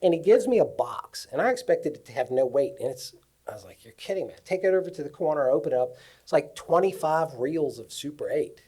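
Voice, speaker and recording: A man on a cinematography panel, telling lively stories from his career at a live festival event. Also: a little high, a little fast, breathy edge. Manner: animated storyteller. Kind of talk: anecdotal panel talk.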